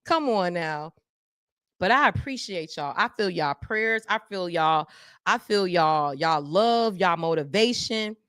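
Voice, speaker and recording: A woman hosting a live podcast, talking straight to her viewers in a lively, preacher-like call-and-response style. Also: on the low side, measured pace, dry recording, clean studio sound. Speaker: podcast host. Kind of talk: live-stream chat with viewers.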